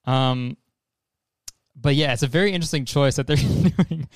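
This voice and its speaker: A man's voice: mid-range voice, moderate pace, pauses often, no room sound, clean studio sound. A young man hosting a casual trailer reaction, rambling and joking with swearing. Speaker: host.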